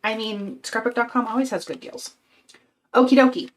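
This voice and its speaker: A woman's voice: a little high, animated, moderate pace. An older woman hosting a casual live craft stream, chatty and sweet, sounding tired and a bit out of breath. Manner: chatty, reads out viewer comments, sweet and upbeat. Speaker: craft channel host.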